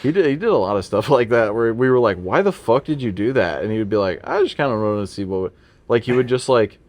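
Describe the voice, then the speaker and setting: A man's voice: medium pitch, animated, fast. A young man as a podcast guest, rambling through anecdotes with restarts and laughs. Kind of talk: casual chat.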